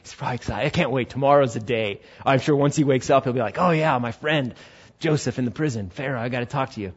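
A man playing a hopeful young male prisoner who talks quietly to himself while he waits. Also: mid-range voice, fast talker, husky, voice pushed down, lightly acted. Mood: wistful, hopeful. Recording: dull lo-fi recording.

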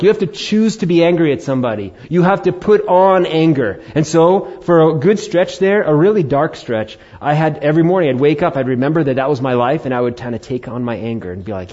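A pastor delivering a sermon in a husky, mid-pitched voice. He tells a personal story and breaks into animated acted-out asides. The recording sounds slightly muffled.

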